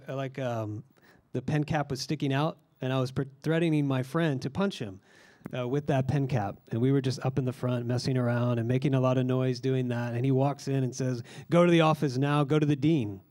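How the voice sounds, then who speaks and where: A man preaching a sermon, earnest and teaching, slowing down to stress key phrases. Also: mid-range voice, dark tone. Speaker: pastor.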